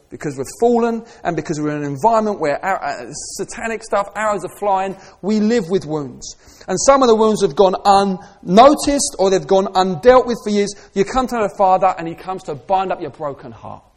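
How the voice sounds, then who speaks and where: A man in middle age delivers a sermon with a fairly high voice. He shifts from hushed, thoughtful asides to loud, fervent exhortation. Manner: swings from soft reflective asides to raised passionate preaching. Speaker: preacher.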